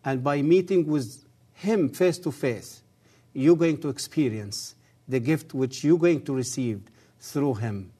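A man, a guest on the program, giving an earnest testimony and appeal in halting English with non-native grammar, measured and solemn. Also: mid-range voice, dark tone, husky.

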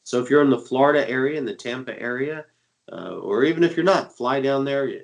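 A man in the Dallas, Texas area co-hosts a religious radio show and works as an internet evangelist. His mid-range voice is brisk and creaky, stuffy and congested from a cold, and he talks eagerly with lots of fillers. The recording quality is low.

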